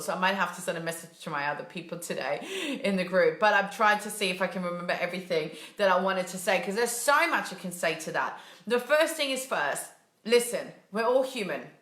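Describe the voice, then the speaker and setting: A woman's voice: on the low side, lively intonation, fairly quick, a bit bright, reverberant. A woman mindset coach giving a casual, emphatic motivational talk and acting out complaining voices. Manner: casual, emphatic, acts out whiny quotes.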